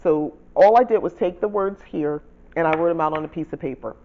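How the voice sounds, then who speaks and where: A man hosting his own channel, casually walking viewers through rewriting a spell, chatty and self-correcting, reading spell lines out slowly. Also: fairly high pitch, lo-fi sound. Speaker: channel host teaching spell writing. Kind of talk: casual how-to explanation.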